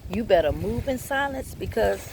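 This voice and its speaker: A woman's voice: medium pitch, expressive, moderate pace, gravelly, darkish tone, a little hiss or hum. A woman vlogger telling her own story and giving advice to viewers. She talks bluntly and candidly, swears freely, and keeps turning to her audience.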